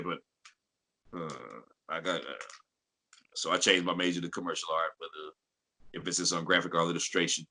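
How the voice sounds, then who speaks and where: A man in his fifties from St. Louis with a deep bass voice, telling stories as an interview guest in an animated way and slipping into impressions. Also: moderate pace, pauses often, low-quality recording. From St. Louis, Missouri. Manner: animated storyteller who breaks into impressions and laughs. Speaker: guest voice actor. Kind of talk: casual interview storytelling.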